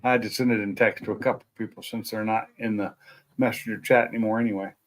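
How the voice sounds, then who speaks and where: A man's voice: on the low side, steady tone, quick pace. Chatty man hosting a stream from home. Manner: rambling, chatty, self-deprecating. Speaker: live stream host. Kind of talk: casual chat. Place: at home at night.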